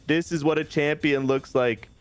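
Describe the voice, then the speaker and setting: Man impersonating a boastful wrestling champion, put-on Canadian accent, loud taunting delivery, faint music behind. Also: fairly high pitch, steady tone, moderate pace, smooth, voice pushed up, lightly acted. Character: boastful male wrestling champion, brash and cocky.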